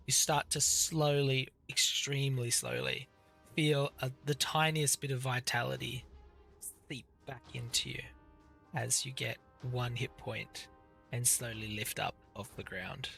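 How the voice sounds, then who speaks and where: Man, game master, bright tone, descriptive tabletop narration with light music behind. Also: mid-range voice, fairly even intonation, slow pace, creaky. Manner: vivid, descriptive narration with many fillers.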